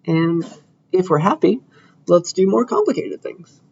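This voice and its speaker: A young man's high, lively voice comes through a muffled recording as he casually leads a coding demo for a computer science class in a lecture hall, chatting and thinking aloud while clicking. He speaks unhurriedly, with a creaky, slightly mellow tone and a breathy edge.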